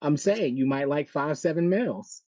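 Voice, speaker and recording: A man's voice: fairly high pitch, animated, normal speed, a little mellow. A man co-hosting a podcast, tossing in profane remarks in casual chat. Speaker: podcast co-host.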